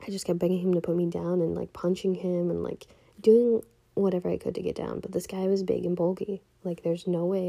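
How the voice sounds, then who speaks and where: A young woman telling a personal story in a casual, hushed way, often half-whispering and full of "like". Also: on the low side, gravelly, breathy edge.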